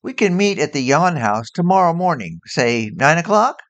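A man voicing a stern, quick-tempered woman investigator who speaks sharply and impatiently in a short audio story. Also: low-pitched, very animated, pitched above the performer's own voice. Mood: curt.

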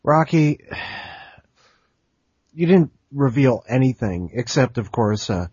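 Slow husky-voiced podcast host man. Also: medium pitch, lively intonation, darkish tone, no room sound. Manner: joking, rambling. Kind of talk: casual podcast chat. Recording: dull lo-fi dry recording.

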